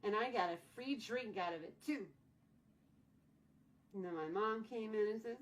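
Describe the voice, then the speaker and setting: A woman's voice: medium pitch, steady tone, normal speed, long pauses. A woman in her forties tells a childhood story in a casual vlog, rambling and repeating her phrases as she goes. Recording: distant mic, faint background noise.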